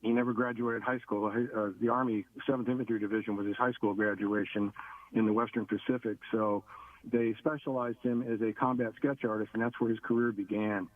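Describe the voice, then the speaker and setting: An older man, a guest in a radio interview, telling his story in a plain, steady way. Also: fairly low pitch, fairly quick, no room sound, narrow, tinny audio.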